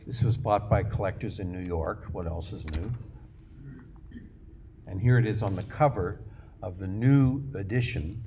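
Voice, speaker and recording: A man's voice: sits low, measured pace, pauses often, dark tone, slight background noise. An older man giving a public lecture, a chatty storyteller with a wry, self-mocking manner and frequent fillers. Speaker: guest lecturer, artist. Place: lecture room.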